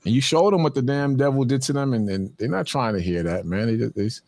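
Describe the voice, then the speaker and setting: A man's voice: medium pitch, quick pace, creaky. A man in a casual religious discussion, telling stories in an emphatic way. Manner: animated storytelling, emphatic.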